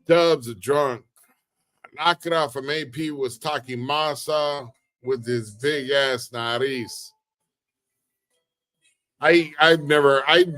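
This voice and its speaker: A man's voice: mid-range voice, a bit bright. A man, hosting a casual livestream chat, talking in a laid-back, slangy drawl and answering viewers' comments. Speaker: livestream host reading chat.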